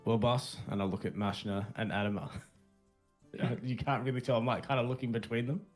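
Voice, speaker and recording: A man's voice: medium pitch, fairly quick, soft background music. A man playing a tabletop game, casual and easygoing. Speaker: player.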